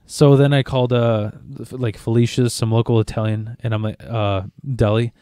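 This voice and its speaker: A man's voice: medium pitch, little pitch movement, normal speed, mellow, clear, resonant tone, no echo, studio quality. A young man chatting casually as a podcast co-host, rambling with profanity and many restarts. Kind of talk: casual chat.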